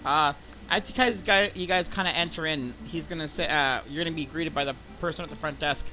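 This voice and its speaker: A man's voice: fairly high pitch, fairly quick, pushed and bright, rough recording. A young man running a tabletop game as dungeon master, loose and joking, often laughing.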